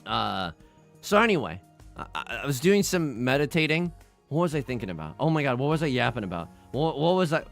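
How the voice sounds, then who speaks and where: A man's voice: mid-range voice, big pitch swings, fairly quick, gravelly, soft background music. A young man streaming, chatting casually with his chat, self-mocking and stammering through restarts.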